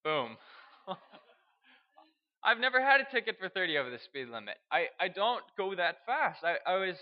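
A young man from Canada, telling a personal story in a halting way, repeating words and chuckling. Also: high-pitched, big pitch swings, muffled recording. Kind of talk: storytelling speech.

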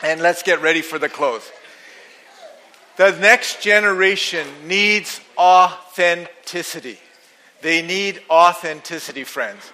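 A middle-aged man preaching a sermon, telling stories in an animated way and laughing at his own jokes. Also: high-pitched.

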